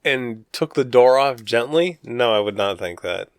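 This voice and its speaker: A man's voice: mid-range voice, lively intonation, unhurried, smooth, dry recording. A man co-hosting a podcast, chatting casually through a film recap with a wry, joking manner. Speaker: podcast co-host. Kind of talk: casual movie recap chat.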